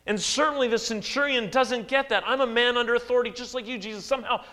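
Animated preaching man in a reverberant hall. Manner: animated preaching with dramatic swings in pitch and volume, acted-out quotes. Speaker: pastor. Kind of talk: sermon.

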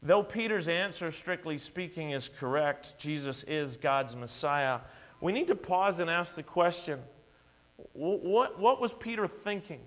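A man's voice: fairly high pitch, expressive, unhurried, a bit bright. Earnest male pastor preaching a sermon. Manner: earnest, builds to emphatic declarations, repeats words at restarts.

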